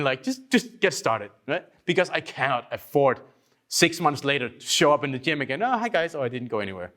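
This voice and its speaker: A man from Denmark gives a workshop talk in a loose, storytelling way. He acts out other people's voices with big swings in pitch and swears casually. He sounds a little tired, having slept little. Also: fairly bright tone. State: tired from lack of sleep. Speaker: workshop speaker.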